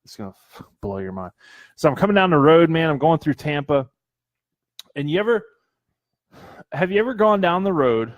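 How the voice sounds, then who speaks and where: Male co-host, higher voice, dry sound, loud and excitable in rough banter. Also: normal speed, long pauses, no room sound, lo-fi sound. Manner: excitable, animated, crude banter. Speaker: podcast co-host. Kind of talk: casual chat.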